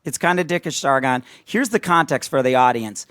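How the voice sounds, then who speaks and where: A man imitating a halting, gentle questioner, deeper and softer than his own voice. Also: lively intonation, no echo, clean studio sound, lightly acted. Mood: meek hesitant. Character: man mimicking a soft, hesitant, earnest interviewer.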